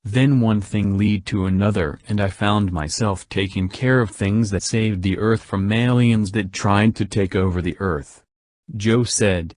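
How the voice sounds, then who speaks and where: A man with a fairly low voice reads a homespun story aloud. He speaks in a flat, even manner and barely changes his voice for anyone. The sound is dry and close, with no room around it. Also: unhurried, no echo. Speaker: narrator. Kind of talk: plain storybook reading.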